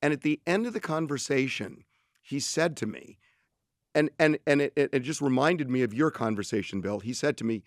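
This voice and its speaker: A man's voice: mid-range voice, brisk, no echo, clean studio sound. A middle-aged man co-hosting a podcast, telling an anecdote in a casual conversational way and quoting what others said to him. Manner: animated anecdote, quotes others in his own voice. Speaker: podcast co-host telling a story.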